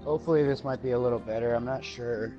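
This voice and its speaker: A man's voice: medium pitch, fast, dull audio. A man chatting casually with friends over voice chat during an online game, upbeat and chatty. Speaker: gamer on voice chat. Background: game music.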